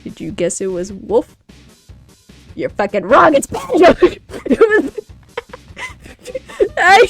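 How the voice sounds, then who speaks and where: A young woman vlogging off the cuff, rambling with frequent laughter, loud outbursts and swearing. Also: sits high, sing-song, slow, long pauses, faint music behind. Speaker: youtuber. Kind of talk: unscripted ranking vlog.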